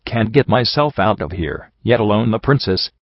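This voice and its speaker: A man voicing a stoic male pony sergeant in a storybook reading, speaking calmly in a slow, laconic drawl. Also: lowish voice, no room sound, muffled recording. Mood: steady.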